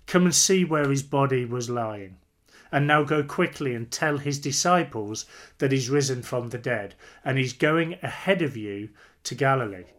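A man's voice: mid-range voice, expressive, normal speed. A man preaching a sermon in an earnest, emphatic way, repeating phrases for weight.

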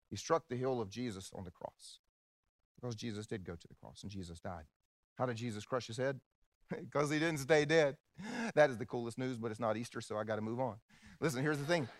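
A male pastor preaching a sermon, swinging between excited loud passages and hushed low ones, acting out quoted voices. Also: no room sound.

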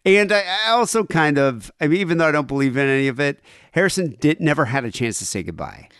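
Chatty man with lively pitch. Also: fast, smooth, no room sound, clean studio sound. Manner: loose, chatty, many restarts. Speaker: podcast co-host. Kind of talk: casual chat.

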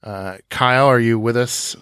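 A man's voice: medium pitch, steady tone, normal speed, a bit bright, smooth, no room sound. Man hosting a podcast, dry sound. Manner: recaps scenes in detail with frequent "uh" fillers. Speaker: podcast host. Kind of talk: casual episode recap.

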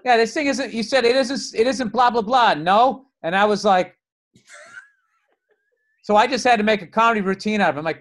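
A man's voice: high-pitched, fairly quick, pauses often, fairly bright tone. A middle-aged male comedian ribbing his friend in casual podcast chat, blunt and profane. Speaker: guest comedian.

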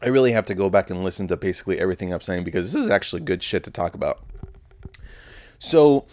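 A man's voice: sits low, expressive, quick pace, a little mellow. A young man from telling a rambling, profane story about a night out on his podcast. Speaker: podcast host. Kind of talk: casual storytelling monologue.

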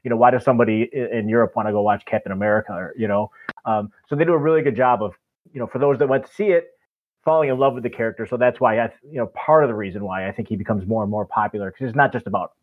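A man's voice: lowish voice, racing. A man co-hosting a casual movie podcast, talking enthusiastically and rambling through restarts. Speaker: podcast co-host. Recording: tinny phone-like line.

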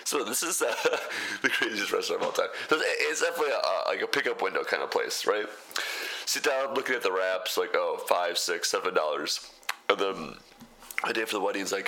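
A man's voice: low-pitched, lively intonation, fairly quick, vocal fry, bright, forceful tone. A young man narrating a casual food vlog, chatty and laid-back, who laughs often. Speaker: food vlogger.

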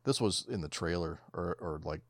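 A man's voice: sits low, animated, moderate pace, dry recording. A man co-hosting a casual movie commentary, talking in a laid-back, profane way and often trailing off mid-thought. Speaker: podcast co-host.

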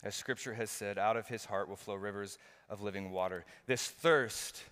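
A man's voice: lowish voice, moderate pace, fairly bright tone, clear, resonant tone. A middle-aged male pastor preaching a sermon, earnest and repetitive, full of rhetorical questions. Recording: long hall reverb.

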